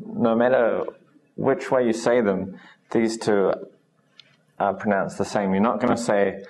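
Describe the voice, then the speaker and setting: A man teaching English pronunciation in a recorded lesson, saying each sound slowly and patiently. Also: lowish voice, steady tone, darkish tone.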